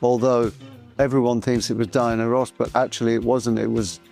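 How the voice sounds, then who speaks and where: A man's voice: mid-range voice, flat delivery, moderate pace, vocal fry, a little mellow, soft background music. Chatty older man telling stories. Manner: chatty storyteller, wry and teasing. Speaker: interview guest, pop singer. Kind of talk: casual chat.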